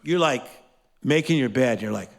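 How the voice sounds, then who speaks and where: A man teaching a live motivational class, energetic and playful, leading call-and-response and quizzing his audience. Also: medium pitch, moderate pace, gravelly.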